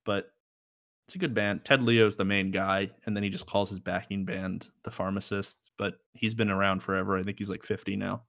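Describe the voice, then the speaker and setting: Rambling low-voiced man chatting music. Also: fairly even intonation, moderate pace, fairly bright tone. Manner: rambling, joking, laughs often. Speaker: podcast co-host. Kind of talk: casual music review chat.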